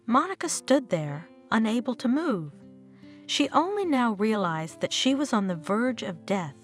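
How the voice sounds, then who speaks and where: A woman's voice: on the high side, big pitch swings, unhurried. A woman narrating a dramatic family story in a scripted storytelling style, over faint background music.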